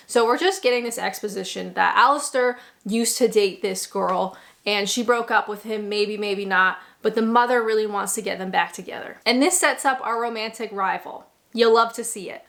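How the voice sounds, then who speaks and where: A young Canadian woman with a medium-pitched, creaky, slightly bright voice recaps a bad movie as a reaction host. Her casual commentary is laced with sarcastic asides and laughter.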